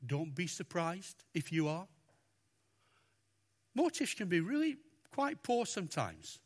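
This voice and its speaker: A man preaching a sermon, talking through a Bible passage with lots of expression and acting out the lines he quotes. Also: takes it slowly. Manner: expressive, animated, acts out quotes with raised pitch.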